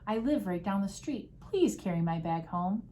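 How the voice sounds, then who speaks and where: A woman's voice: mid-range voice, expressive, normal speed, dark tone, lightly acted. A woman voicing an eager little boy trick-or-treater in a Halloween storybook. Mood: matter-of-fact.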